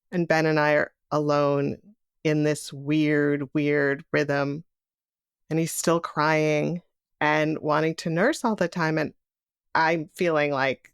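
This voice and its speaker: A woman's voice: deep voice, no room sound, studio quality. A middle-aged woman telling a personal story in present tense, acting out the voices of others. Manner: vivid, animated retelling in present tense, acting out quoted voices.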